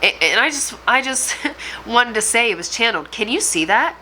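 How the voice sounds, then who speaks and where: Woman tarot reader, bright tone, earnest and reassuring, faint hiss behind. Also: on the high side, expressive, moderate pace, rough recording. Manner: earnest, reassuring, addresses viewer directly. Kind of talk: channeled tarot reading.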